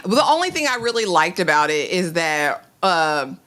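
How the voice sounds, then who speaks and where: A woman's voice: fairly low pitch, very animated, moderate pace, fairly bright tone. A woman guest reviewer speaking frankly and playfully in a casual recap chat, quoting the characters in raised voices.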